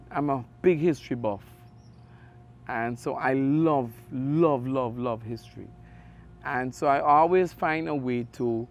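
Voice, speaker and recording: A middle-aged man with an Antiguan accent, a radio sports host telling stories in an interview, animated with big jumps in his voice. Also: a little high. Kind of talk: conversational interview storytelling.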